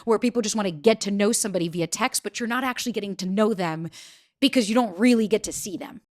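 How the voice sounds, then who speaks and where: A quick-talking woman in her thirties answers interview questions as a dating coach. She is animated and slips into acted-out quotes. Her pitch sits in an ordinary middle range. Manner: animated, acts out quoted dialogue.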